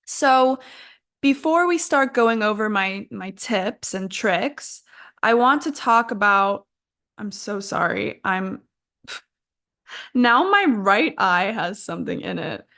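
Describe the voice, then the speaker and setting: Young female English teacher, podcast host; slow, patient, chatty and self-mocking. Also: mid-range voice, fairly bright tone. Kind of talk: casual podcast lesson.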